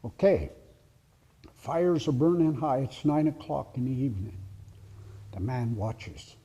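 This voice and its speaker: Gravelly, husky male storyteller. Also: medium pitch, dark tone, lo-fi sound. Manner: dramatic pauses, drops to whispers for suspense. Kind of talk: live oral storytelling. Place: heritage center presentation.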